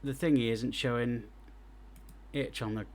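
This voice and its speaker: A man giving live gameplay commentary as he streams and reviews game jam entries, excitable and thinking aloud as he plays. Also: mid-range voice, a little slow. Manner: excitable, talks to himself while playing.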